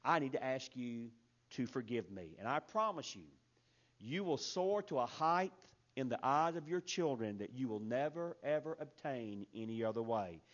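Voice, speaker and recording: A man preaching a sermon in an earnest, emphatic way that builds to loud peaks. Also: mid-range voice, lively intonation, moderate pace. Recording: dull lo-fi recording.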